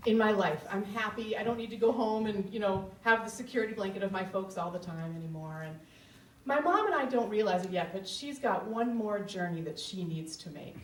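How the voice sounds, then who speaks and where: Earnest, candid woman storyteller on a live stage, roomy room, mic at a distance, faint ambience. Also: mid-range voice.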